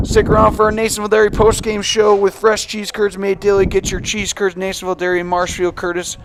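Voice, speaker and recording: A young man from the calling a high school softball game as the play-by-play announcer, brisk and rising sharply on big plays. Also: completely flat delivery, background noise.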